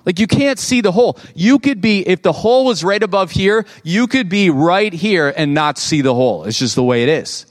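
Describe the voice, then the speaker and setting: A male pastor in his thirties preaching a sermon in a church, conversational and animated, acting out quoted voices. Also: moderate pace, few pauses. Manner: animated, conversational, acts out quotes with rising pitch.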